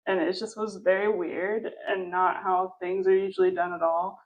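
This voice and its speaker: A woman's voice: fairly low pitch, little pitch movement, normal speed, narrow, tinny audio. A woman telling a story in a casual chat, rambling with lots of fillers and laughter. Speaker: podcast co-host.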